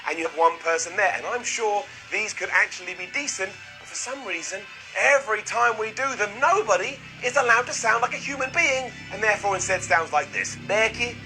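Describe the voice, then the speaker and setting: A man hosting a comedic wrestling recap, excitable and sarcastic, with quick put-on asides. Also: high-pitched, rough recording. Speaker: wrestling show reviewer, host.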